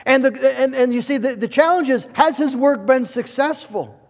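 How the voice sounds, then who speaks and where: In a muffled, dull recording from a large, reverberant hall, a man preaches at a normal pace. His voice is strikingly high, and he's earnest and emphatic, stumbling and repeating words as he develops each point.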